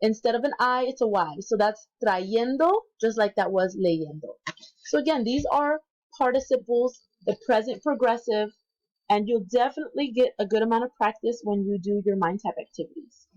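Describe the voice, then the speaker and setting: A woman as an instructor in a recorded lesson, patiently repeating words slowly for learners and correcting herself aloud. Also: fairly high pitch, a little mellow, highs cut off. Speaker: Spanish instructor.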